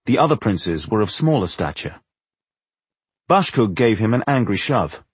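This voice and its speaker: A man narrating a fantasy audiobook in an expressive storytelling manner, with a husky voice. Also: lowish voice, normal speed, no room sound.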